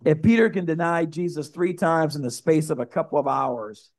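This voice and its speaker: A man's voice: a little high, moderate pace, darkish tone. A male pastor preaching a sermon, building to emphatic, repeated outbursts.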